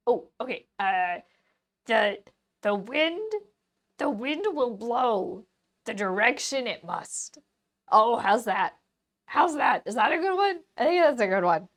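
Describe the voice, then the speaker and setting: This is a cartoon frog wired on coffee, squeaky and loud, voiced by a woman in a silly put-on voice. It talks in excitable, bouncy bursts. The sound stays playful and goofy throughout. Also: slow. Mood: giddy. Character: hyper over-caffeinated cartoon frog. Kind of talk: live-stream silly voice.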